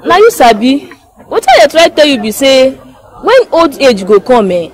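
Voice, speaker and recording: Earnest Nigerian friend, high lively voice, persuasive, faint music. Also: female voice, moderate pace. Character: earnest young woman advising a friend.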